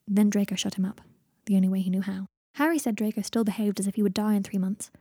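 A woman reading a story aloud in a calm, even way, with a husky voice. Her tone is dark and mellow. She is recorded close up and dry. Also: medium pitch, fast, few pauses, dry recording. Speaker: audiobook narrator. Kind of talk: fan fiction audiobook reading.

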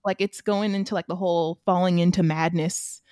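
A woman's voice: fairly low pitch, steady tone, brisk, dark tone, no room sound. A woman in casual chat, retelling film scenes and quoting the characters in a chatty way. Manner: chatty, quotes characters, frequent restarts.

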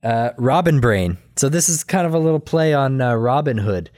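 A man in casual chat, retelling a cartoon episode in a rambling, animated way with quick quoted voices and laughter. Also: mid-range voice. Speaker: podcast co-host recapping a cartoon episode.

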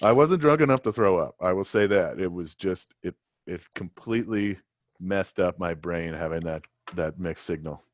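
A man co-hosting a podcast, chatting casually with dry, deadpan self-mocking humor. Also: low-pitched, normal speed, no room sound. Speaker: podcast co-host. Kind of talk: casual chat.

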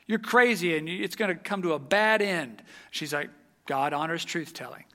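A man preaching a sermon, telling a story with animated energy and dropping to a hush at the tense moments. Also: on the high side, normal speed.

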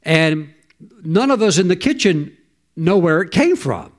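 A man's voice: fairly high pitch, sing-song, measured pace. A man preaching a sermon, telling a story and breaking into exclamations and calls for amen.

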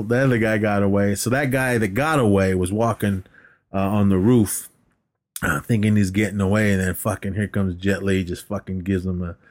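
A man co-hosting a podcast, casually recapping a movie scene by scene, swearing freely and acting out lines from it. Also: on the low side. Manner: animated retelling with acted-out quotes, swears freely, laughs often. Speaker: podcast co-host.

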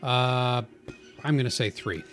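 A man's voice: medium pitch, measured pace, a bit bright, soft background music. A man co-hosting a podcast in casual chat, easygoing and guessing at answers. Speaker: podcast co-host.

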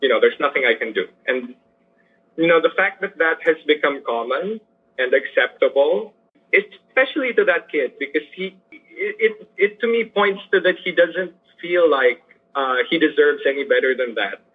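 A man speaks in earnest, halting sentences, restarting often as he searches for words. His voice sits a little high and comes through slightly husky. The sound is thin and tinny, as if over a phone line. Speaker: teacher working with poor youth. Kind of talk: interview over a remote line. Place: lives in Manila.

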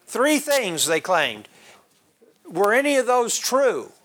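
A man's voice: very high voice, sing-song, slow, a bit bright. A man teaching a Bible class, quizzing his listeners and calling on them by name. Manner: questions the class and calls on members by name.

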